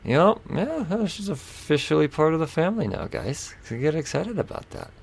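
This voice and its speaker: Rambling gravelly-voiced man podcaster. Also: on the high side, big pitch swings, normal speed. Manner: rambling, self-mocking, swears, frequent fillers and laughs. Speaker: podcast host. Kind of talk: casual solo comic-book podcast chat.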